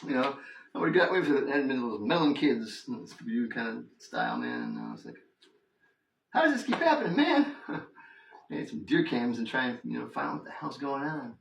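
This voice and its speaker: A man's voice: medium pitch, very animated, a little fast, vocal fry, roomy sound, recorded from a distance, slight background noise, poor audio. A man vlogging in a loose, rambling monologue, full of fillers and laughs. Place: house with the door open.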